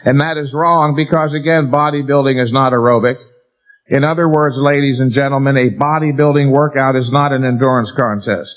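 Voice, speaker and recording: A man's voice: medium pitch, steady tone, fairly quick. Emphatic man lecturing on a lo-fi tape. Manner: emphatic, asks and answers rhetorical questions, stresses key words. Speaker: seminar lecturer. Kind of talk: live lecture to an audience. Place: seminar room before an audience. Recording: dull lo-fi 1990s seminar tape.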